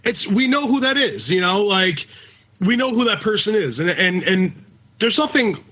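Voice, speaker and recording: A man's voice: sits high, very animated, normal speed, pushed and bright. A man co-hosting a casual podcast, talking in a blunt, profane rant. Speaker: podcast co-host. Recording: dull lo-fi recording.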